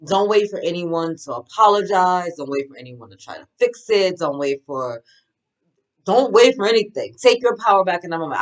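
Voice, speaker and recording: A woman's voice: on the low side, animated, normal speed, low-quality recording. A woman reading oracle cards, giving a casual spiritual pep talk in an enthusiastic, affirming, chatty way. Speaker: spiritual card reader.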